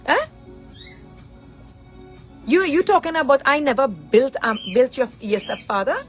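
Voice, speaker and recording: A middle-aged woman with a high-pitched voice delivers an angry rant straight to the camera. She talks as a mother laying into her daughter, confrontational and full of rhetorical questions. Faint music sits under her voice. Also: very animated, measured pace, poor audio. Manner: confrontational, keeps asking "huh?" rhetorically.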